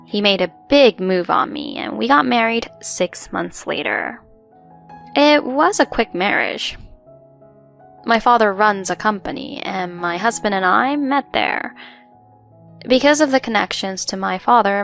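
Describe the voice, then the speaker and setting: A woman's voice: medium pitch, a little slow, gravelly, a bit bright. A woman narrating a first-person story in an earnest, emotional way, with faint music behind.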